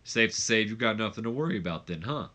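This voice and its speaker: A man's voice: on the low side, expressive, quick pace, bright, forceful tone. A man voicing a confident, laid-back male wrestler in a game playthrough.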